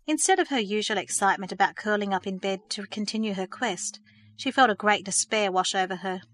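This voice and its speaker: A woman reading a story aloud in a measured, gentle storytelling manner. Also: medium pitch, dry recording, studio quality. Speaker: narrator. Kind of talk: scripted storybook narration.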